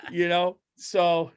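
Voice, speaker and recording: A man's voice: high-pitched, smooth, no echo. A man co-hosting a comedy podcast in casual chat, rambling and self-deprecating with many restarts. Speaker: podcast co-host.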